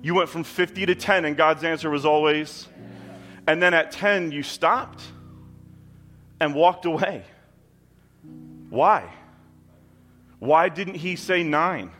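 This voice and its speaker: A man's voice: on the high side, takes it slowly, pauses often, a bit bright, faint music behind. A man preaching a sermon in a conversational style, with emphatic asides to the congregation. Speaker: pastor. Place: church with kids in the room.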